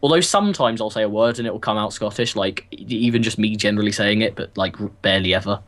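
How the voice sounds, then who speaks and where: Rambling young podcaster. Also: male voice, lowish voice, fast talker, a bit bright, slight background noise. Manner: rambling, lots of "like" and restarts. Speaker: podcast co-host. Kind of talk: casual chat.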